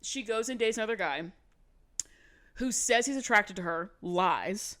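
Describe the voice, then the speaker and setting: A woman co-hosting a podcast, recapping in casual chat with animated, swear-filled asides. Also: medium pitch, unhurried. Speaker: podcast co-host.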